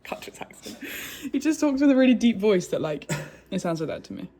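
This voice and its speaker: A woman's voice: medium pitch, very animated, fairly quick, warm tone. A young woman, chatting to her phone camera in a casual, giggly, hyper way. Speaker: swimmer vlogging at competition. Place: hotel and pool area, indoors. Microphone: handheld phone camera. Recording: background noise, ambience.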